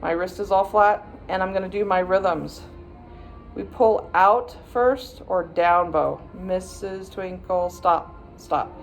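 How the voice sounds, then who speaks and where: A woman's voice: mid-range voice, slow, vocal fry, soft background music. A woman viola teacher patiently walking students through practice steps, sometimes chanting rhythm words. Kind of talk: instructional practice walkthrough.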